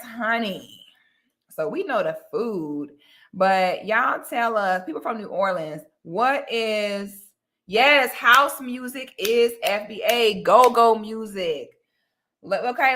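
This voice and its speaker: A woman's voice: fairly high pitch, a bit bright. A young woman, chatting casually and animatedly straight to her viewers. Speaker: vlogger talking to viewers. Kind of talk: casual chat to camera.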